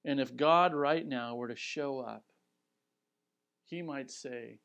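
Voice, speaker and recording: Pastor guy giving a sermon, earnest, talks right to you, goes quiet for effect. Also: mid-range voice, slow, vocal fry, pauses often. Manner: earnest, direct address with dramatic quiet drops.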